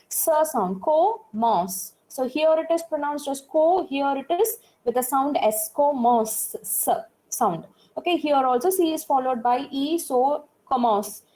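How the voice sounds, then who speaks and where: A woman's voice: high voice, a little mellow, low-quality recording. A woman teaching a French class, explaining patiently and repeating points while checking that her students follow. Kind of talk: classroom lecture.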